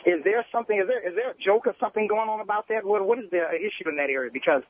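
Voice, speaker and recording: High-voiced male caller on a tinny phone line. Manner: halting, hesitant, earnest. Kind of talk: radio call-in complaint.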